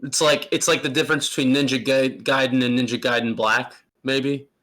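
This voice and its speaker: A man's voice: medium pitch, flat delivery, brisk, fairly bright tone. A man co-hosting a casual podcast, talking in a blunt, joking way and swearing freely. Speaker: podcast co-host. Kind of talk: casual chat about video games.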